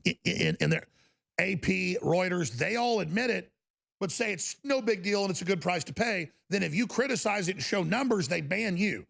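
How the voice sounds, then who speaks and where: Gravelly ranting talk radio man. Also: high-pitched, animated, moderate pace, a bit bright. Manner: fervent, ranting, with mocking asides. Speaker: talk show host.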